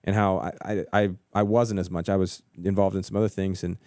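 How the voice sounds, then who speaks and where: A man in his thirties talks through ideas on a church podcast, often restarting and repeating words as he works out what he means. His voice sits low, with a dark, mellow tone, and the sound is dry and close. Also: little pitch movement, brisk, dry recording. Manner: thoughtful, repeats words as he thinks aloud. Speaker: podcast co-host. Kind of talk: casual discussion.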